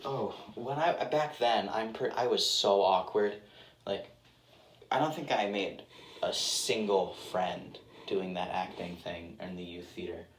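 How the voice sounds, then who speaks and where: A man's voice: deep voice, measured pace. A young adult man answering interview questions in a casual, rambling way. He uses lots of filler words and pokes fun at himself. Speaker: actor guest. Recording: roomy with faint background noise.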